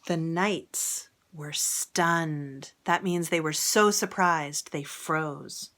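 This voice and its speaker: A woman reading a picture book aloud to children, gently, with whispered asides and questions. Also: low voice, extremely slow. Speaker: storybook reader.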